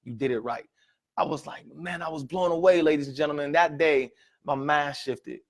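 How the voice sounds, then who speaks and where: Animated motivational speaker man, high-set voice. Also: normal speed, gravelly. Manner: animated storytelling, repeated "right?" and "ladies and gentlemen". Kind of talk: presentation to an audience.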